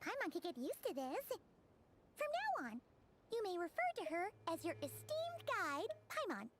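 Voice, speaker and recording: A woman voicing a tiny, chirpy, self-important girl companion in a video game, with a squeaky, bouncy voice, played as game audio on a stream. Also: wildly swooping pitch, moderate pace, heavy background noise, exaggerated voice. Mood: smug, pleased.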